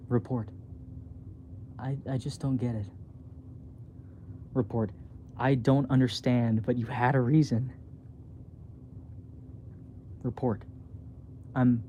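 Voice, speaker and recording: Male reader, slow and mellow, halting bedtime storytelling, faint hiss behind. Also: mid-range voice, steady tone. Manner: soft, slow, halting reading with small slips. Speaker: reader of his own book. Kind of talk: reading aloud a bedtime story.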